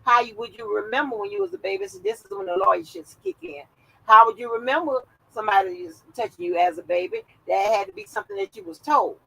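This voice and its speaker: A woman's voice: a little high, sing-song, fast, vocal fry, sharp tone, husky, poor audio. A woman hosting a live stream, giving blunt, profane commentary and reacting as she reads posts aloud.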